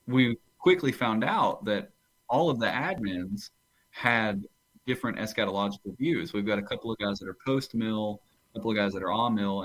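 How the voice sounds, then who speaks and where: A man's voice: fairly low pitch, fairly bright tone, no room sound, low-quality recording. A man, a pastor on a podcast, talking casually about theology and rambling into stories, often restarting his phrases.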